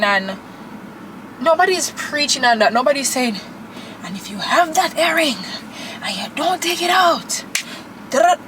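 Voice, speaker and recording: A woman's voice: a little high, low-quality recording. Chatty woman over car hum. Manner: chatty, gushing, animated. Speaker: vlogger. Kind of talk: casual chat to camera.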